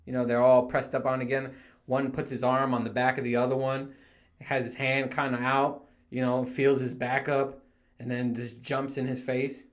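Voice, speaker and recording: A man's voice: medium pitch, flat delivery, brisk. A young man hosting his own podcast, chatting casually with plenty of swearing and frequent laughter. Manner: laid-back and profane, laughs often, quotes coworkers in mock voices. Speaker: podcast host. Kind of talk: casual solo podcast monologue.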